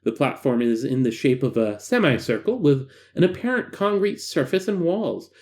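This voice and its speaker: A man's voice: medium pitch, lively intonation, moderate pace, a little mellow. A man hosting a reading of a horror file, mixing narration with chatty, self-deprecating asides. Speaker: host reading stories aloud.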